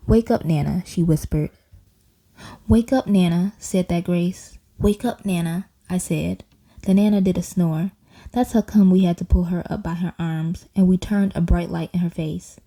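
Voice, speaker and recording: A woman reading a children's storybook aloud in a playful, animated way, doing little voices. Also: on the low side. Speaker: audiobook reader.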